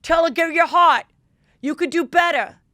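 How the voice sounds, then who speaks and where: A woman voicing a pushy New Jersey man who loudly coaches a friend from the side, with a New Jersey accent. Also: extremely high pitch, moderate pace, dry recording, clean studio sound, pitched above the performer's own voice. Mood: bossy. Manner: loud, pushy, barking orders.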